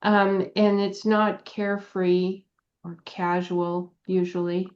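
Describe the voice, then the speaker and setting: A woman's voice: fairly low pitch, completely flat delivery, takes it slowly, lo-fi sound. A woman coach in casual roundtable chat, telling thoughtful stories with easy laughs. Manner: storytelling, thoughtful, warm laughs. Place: California.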